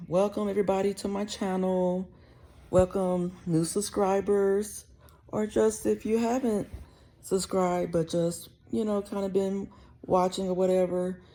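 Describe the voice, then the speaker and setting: A woman's voice: mid-range voice, dark tone. A woman vlogger talking casually from home, rambling in a conversational way with slang. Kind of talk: casual chat to camera.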